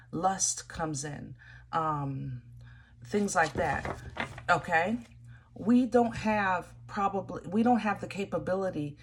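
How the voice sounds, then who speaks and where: A woman's voice: lowish voice, fairly bright tone, slight background noise. A woman giving a casual tarot reading, chatty and often searching for her words and repeating phrases. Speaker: tarot reader.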